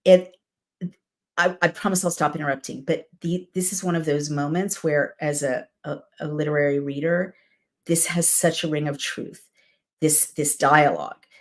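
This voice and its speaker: A woman's voice: deep voice, fairly even intonation, normal speed. A woman reading a Bible passage aloud and breaking off for reflective, conversational commentary, often checking in with "right?". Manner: reflective, conversational asides with "right?" and "you know". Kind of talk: scripture reading with personal commentary.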